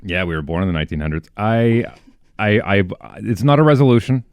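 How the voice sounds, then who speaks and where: A man co-hosting a podcast, in a relaxed, reflective casual chat with frequent restarts. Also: on the low side, fairly quick, clean tone, no room sound. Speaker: podcast co-host.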